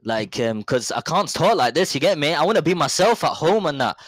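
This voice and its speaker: A young man, chatting casually and jokily on a podcast in slangy, animated talk. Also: fairly high pitch, a little fast. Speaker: podcast guest. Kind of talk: casual chat.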